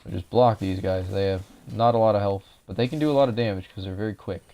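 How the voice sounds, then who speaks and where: A young man with a low, gravelly voice talks through a game walkthrough in a relaxed, explanatory way. His voice sounds a little dry. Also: fast talker. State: voice drying out. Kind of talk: casual gameplay commentary.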